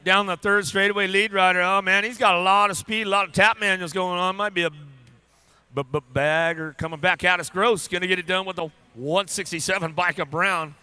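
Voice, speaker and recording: A man with a high, very bright voice calls races live from a BMX track. His delivery is smooth and clear, rapid-fire and playful, and he jokes with the riders and crew between names. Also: steady tone, no echo. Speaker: race announcer. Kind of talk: live race commentary.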